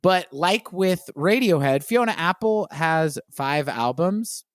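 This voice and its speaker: A man's voice: on the high side, takes it slowly, no echo. Man, podcast co-host, casual chat, earnest and playful, dry close sound. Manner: earnest, playful, animated storyteller.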